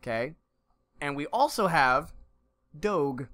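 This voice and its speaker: A man's voice: on the high side, lively intonation, normal speed, a bit bright. A man co-hosting a casual podcast, rambling and restarting his sentences as he thinks aloud. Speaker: podcast co-host. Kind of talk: casual chat. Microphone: podcast mic.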